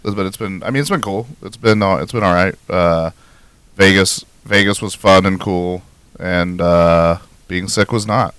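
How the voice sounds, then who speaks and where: A man co-hosting a podcast in relaxed, rambling casual chat. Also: sits low, normal speed, clear, resonant tone, no echo. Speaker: podcast co-host.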